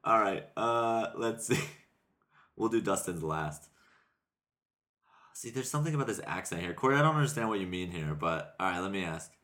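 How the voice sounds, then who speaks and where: A man hosting a podcast, reading out listener questions in casual chat. He is relaxed and laughs often. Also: low voice, moderate pace, pauses often. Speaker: podcast host.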